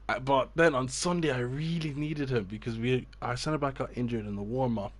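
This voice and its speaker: A man's voice: mid-range voice, brisk, hardly any pauses. A man, a youth football coach telling a story in a casual chat with friends and acting out the people he quotes. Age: 20s.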